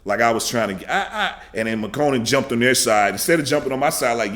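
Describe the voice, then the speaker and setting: A man in his thirties hosting a reaction video, ranting angrily and profanely, repeating himself and shouting in bursts. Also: mid-range voice, animated, fast talker, few pauses.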